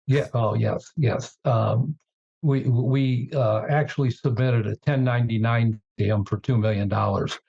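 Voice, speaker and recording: Measured businessman, muffled audio. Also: medium pitch, steady tone, creaky, a little mellow, slightly rough. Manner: measured, hesitant with fillers. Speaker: guest, turnaround CEO. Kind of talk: interview storytelling.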